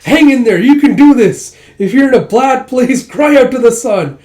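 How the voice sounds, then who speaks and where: A man voicing an overeager young male cheerleader type who piles on loud, high, effusive encouragement. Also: lively intonation, normal speed. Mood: gushing. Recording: roomy echo.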